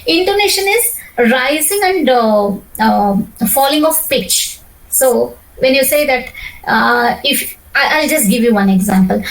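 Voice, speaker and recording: A woman's voice: high-pitched, animated, measured pace, distant mic, low-quality recording. A middle-aged woman, coaching a student one-on-one for job interviews, explaining at length with many fillers and restarts.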